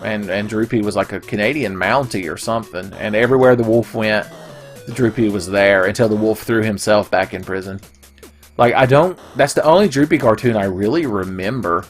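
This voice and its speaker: A man's voice: fairly low pitch, brisk, faint music behind. A man hosting a gaming video, rambling and profane in casual commentary. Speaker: gaming channel host.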